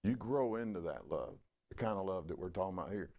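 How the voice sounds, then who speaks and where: A middle-aged man preaching a sermon in a folksy, conversational way. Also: fairly quick. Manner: folksy, conversational preaching with lively swings in pitch. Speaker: pastor.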